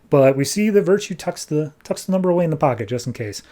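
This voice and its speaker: A man's voice: fairly high pitch, expressive, quick pace, warm tone. A man hosting a comics podcast, recapping an issue in a loose, conversational way with plenty of fillers. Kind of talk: casual comic book recap.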